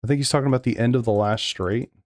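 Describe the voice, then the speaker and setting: A man's voice: mid-range voice, fast, a little mellow, no room sound, studio quality. A man streaming sim racing live, talking over race replays and arguing back at his chat with plenty of swearing. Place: home sim racing room.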